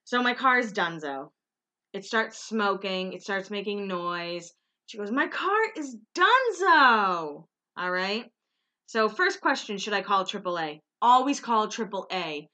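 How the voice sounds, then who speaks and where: A woman with a very bright, forward voice talks casually to her viewers in one unrehearsed take. She rambles, corrects herself and laughs easily. She sounds a bit tired. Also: medium pitch, unhurried. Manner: chatty, rambling, self-correcting, laughs often. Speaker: vlogger recapping a reality show.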